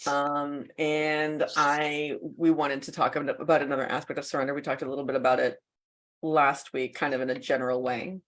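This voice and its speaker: A woman's voice: sits low, level tone, fairly quick. A woman co-hosting a casual podcast, chatty and laughing often between thoughts. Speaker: co-host.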